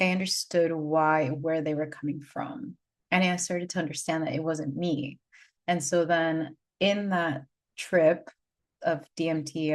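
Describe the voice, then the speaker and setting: A woman with a notably low voice shares a personal story off the cuff as a spiritual guide and healer. She rambles and gushes, leaning on "like" and repeating phrases for emphasis. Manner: earnest, gushing.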